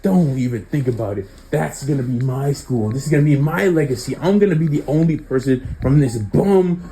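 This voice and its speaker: A man's voice: medium pitch, a little fast, mellow, faint music behind, close to an everyday voice. A man voicing an arrogant, hot-tempered teenage boy who bullies a classmate, with a sneering, taunting way of talking.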